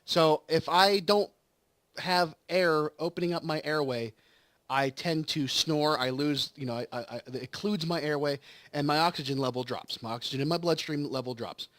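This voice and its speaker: A man hosting a let's play chats casually over gameplay, telling a long, meandering story with acted-out quotes as he recovers from surgery. His voice is fairly high and a bit bright, at a moderate pace, with no room sound.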